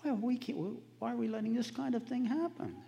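A preacher voicing an indignant young shepherd. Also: male voice, extremely high pitch, brisk, creaky, dark tone, in a large hall, lo-fi sound, pitched above the performer's own voice, heavily acted. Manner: raised, urgent and incredulous. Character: young male shepherd hero, indignant and bold.

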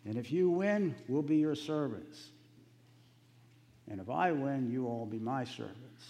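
A man preaching puts on the voice of a boastful giant male warrior, loud and challenging, in a sermon retelling. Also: medium pitch, expressive, a little slow, big-room sound. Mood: defiant.

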